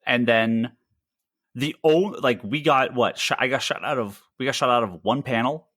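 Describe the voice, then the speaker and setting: A man's voice: medium pitch, moderate pace, pushed and bright, no room sound, studio quality. A man hosting a podcast in casual chat, rambling with many restarts and swearing freely. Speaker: podcast host.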